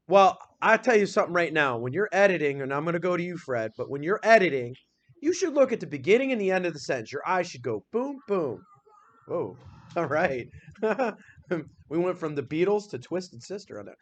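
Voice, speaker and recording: An energetic man teaching a classroom grammar lesson, his voice sitting a touch high for a man. He keeps the class going with quick questions and reads each example sentence out slowly. A faint hum of noise runs under the recording. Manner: upbeat and energetic, asks the class many questions.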